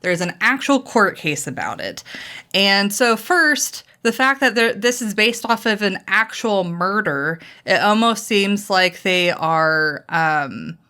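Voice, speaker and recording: A woman's voice: mid-range voice, lively intonation, slow pace, bright, forceful tone. A woman co-hosting a casual podcast, chatty and laughing often, thinking aloud with restarts. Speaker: podcast co-host.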